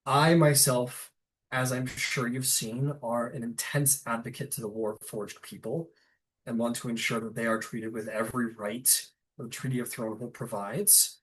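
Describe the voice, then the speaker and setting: A silky, scheming noble baron, put on by a man running a tabletop game, making a smooth, businesslike pitch. His voice sits in an ordinary middle range. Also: fairly even intonation, normal speed, a bit bright, natural voice, low-quality recording. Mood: persuasive.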